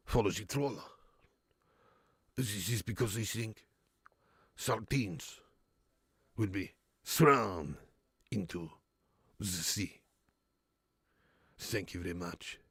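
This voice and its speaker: A man putting on the voice of a grand, brooding male footballer who speaks slowly and deliberately in mock-profound tones. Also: lowish voice, animated, fairly bright tone, slightly rough, dry recording, studio quality, voice pushed down, exaggerated voice.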